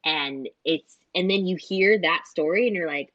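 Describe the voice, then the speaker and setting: Low-voiced woman rambling on a podcast. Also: animated, a little slow, no room sound, muffled recording. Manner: rambling, heavy on filler words. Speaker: behavior analyst and podcast co-host. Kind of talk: casual podcast chat.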